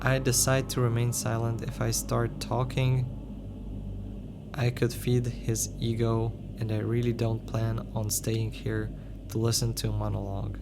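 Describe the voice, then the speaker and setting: A man's voice: mid-range voice, monotone, a little slow. A man streaming a visual novel, reading its dialogue aloud in his own voice with small stumbles and reacting live. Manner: reads both the heroine and the villain's lines in his own voice, with small stumbles. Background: game music.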